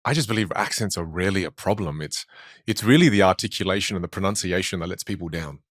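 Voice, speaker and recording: A deep-voiced Australian man, a speech coach, tells stories quickly and emphatically in a podcast interview. The audio is studio quality with no echo.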